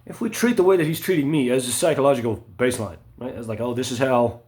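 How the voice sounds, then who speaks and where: A man's voice: lively intonation, fast talker. Rambling man muttering "right?" constantly. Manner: rambling, full of "right?" and "you know" fillers; swings between low mutters and sharp emphatic spikes. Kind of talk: rambling monologue.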